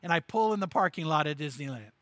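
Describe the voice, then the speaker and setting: Middle-aged pastor guy preaching, high bright voice, acts out little stories, dry close sound. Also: quick pace, no room sound. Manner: animated storyteller, acting out voices in anecdotes. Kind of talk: sermon with acted-out stories.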